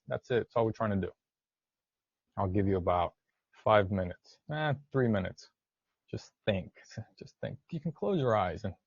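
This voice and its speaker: A man's voice: medium pitch, darkish tone, no room sound. A man teaching a virtual class lesson, encouraging and repeating words for students to say back, and switching to some Spanish for part of the class. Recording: dull lo-fi dry sound.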